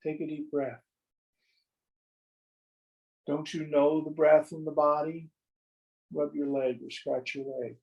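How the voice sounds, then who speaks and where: Slow, gravelly spiritual teacher, a man. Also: a little high, flat delivery, a little mellow, lo-fi sound. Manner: slow, deliberate, acts out little dialogues. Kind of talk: teaching a study group.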